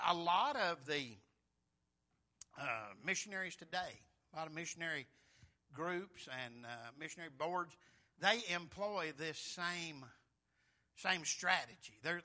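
A man preaching a sermon in a folksy, emphatic way, swinging between loud and soft. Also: a little high.

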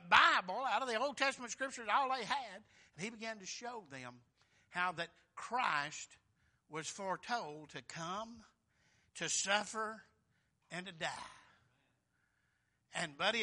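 A man preaching a sermon in a folksy, emphatic way, swinging between loud and soft. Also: high-pitched.

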